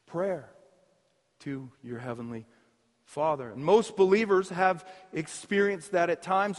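A male pastor preaching a sermon, emphatic and repetitive, often dropping to a hush for key points. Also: sits high. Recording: long hall reverb.

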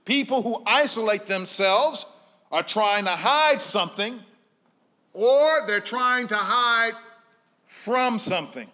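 A man preaching a sermon as pastor, telling stories and swinging between hushed, low passages and emphatic calls to the congregation. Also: slow pace.

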